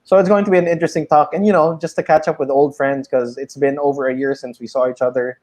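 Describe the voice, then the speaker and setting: A man from the Philippines who is a pro wrestler, hosting a casual livestream chat over a video call, upbeat and steady. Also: mid-range voice, quick pace. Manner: plugging shows, steady and upbeat. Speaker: pro wrestler and show host.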